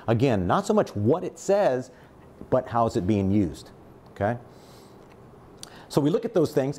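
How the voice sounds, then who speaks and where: Lively man teaching with constant "right?". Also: medium pitch. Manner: lively, rhetorical, constant "right?" check-ins. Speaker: high school math teacher. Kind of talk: test-prep lesson.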